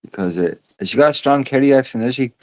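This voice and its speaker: A man's voice: medium pitch, animated, fast, darkish tone, no room sound. A man hosting a podcast, chatting casually, swearing and telling rambling stories. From Ireland. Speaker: podcast host. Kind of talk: casual chat. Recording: dull, dry sound.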